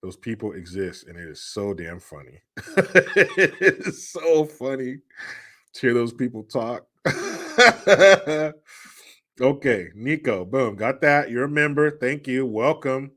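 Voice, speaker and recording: A man's voice: mid-range voice, animated, slow pace, fairly bright tone. A man hosting a livestream, telling family stories in a joking, crude way and laughing often. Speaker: host. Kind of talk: casual livestream talk.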